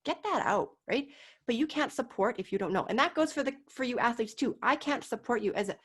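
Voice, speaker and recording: A woman guest, a mental performance coach, talking emphatically in a casual interview and acting out what people say, swinging from loud to soft. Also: fairly high pitch, expressive, brisk, husky.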